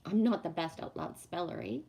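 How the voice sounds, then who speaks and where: A woman livestreams casually, chatting with viewers as she rants bluntly and swears freely before moving on to reading oracle cards. Her voice is fairly low and dark, brisk, with vocal fry.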